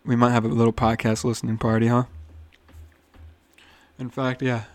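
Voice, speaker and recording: A man's voice: medium pitch, completely flat delivery, normal speed, no echo. A young man hosting a casual solo podcast, rambling with frequent swearing and restarts, a little nervous. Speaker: podcast host.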